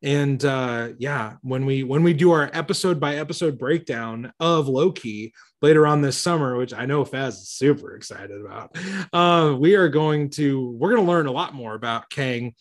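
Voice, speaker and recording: A man's voice: mid-range voice, moderate pace. A man hosting a casual movie podcast, enthusiastic and rambling, often restarting his sentences. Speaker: podcast host.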